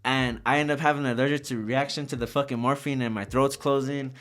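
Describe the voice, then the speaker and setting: A young man, a rapper, telling a wild personal story in a casual, profane, animated way. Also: medium pitch, fast, soft background music. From Socorro. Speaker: rapper guest.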